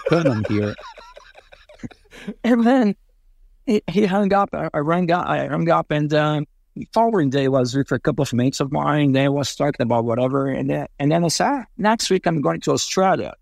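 Male guest, lively anecdotal delivery with acted-out quotes, dry close recording. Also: a little high, normal speed, vocal fry, no echo. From Brazil. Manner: animated, acts out quoted voices, frequent fillers. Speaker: interview guest, racing driver. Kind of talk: casual storytelling.

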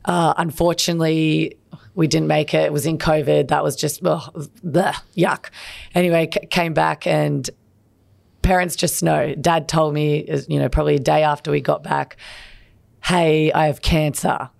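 A woman's voice: deep voice, flat delivery, moderate pace, gravelly. A woman co-hosting a podcast, a basketball player speaking candidly and emotionally about her family in casual chat. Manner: candid, emotional, personal storytelling. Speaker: podcast co-host.

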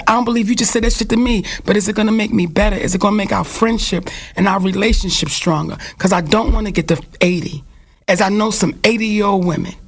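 Woman, gravelly, frank and profane, heartfelt casual talk. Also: mid-range voice.

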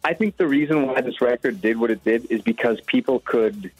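A man's voice: medium pitch, brisk, a little mellow, slightly rough, dry recording, muffled recording, faint music behind. Man, singer, radio guest, chatty, self-mocking, dry studio sound. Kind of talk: casual radio interview.

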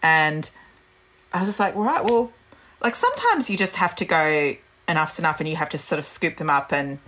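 Woman, 30s, low gentle voice, calm explainer on a parenting chat. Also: fairly quick. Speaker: parenting podcast guest. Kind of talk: casual chat.

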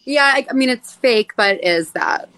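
Bright, teasing woman comedian, casual guest chat. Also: on the high side, animated, normal speed. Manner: playful and teasing. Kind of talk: casual chat on a live stream.

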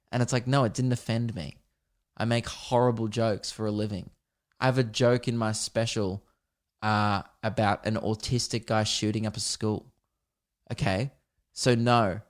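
A man's voice: medium pitch, normal speed. Rambling man, podcast host. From Australia. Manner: rambling, swears often, laughs at his own stories. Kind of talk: casual solo podcast chat.

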